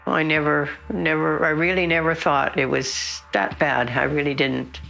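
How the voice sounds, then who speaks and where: An older woman, a grandmother, speaking softly in an interview, repeating herself, with a gravelly voice. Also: low voice, steady tone, moderate pace, soft background music. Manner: soft-spoken, repeating herself.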